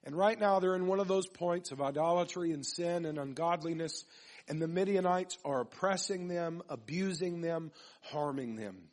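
A man's voice: a little high, normal speed, a little mellow. A man preaching a sermon, reading scripture aloud and then building his points with repetition and questions to the congregation.

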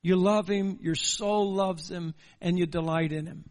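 Earnest high-voiced preacher in a reverberant hall. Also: male voice, fairly even intonation, slow, a little mellow. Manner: earnest, repetitive rhetorical questions. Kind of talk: sermon. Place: church sanctuary.

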